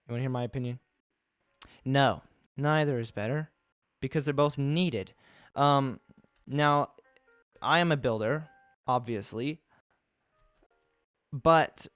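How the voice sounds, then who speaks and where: A man's voice: mid-range voice, fairly bright tone, dry recording. A man chatting casually on a live stream while he builds, thinking aloud with restarts and answering his viewers' messages.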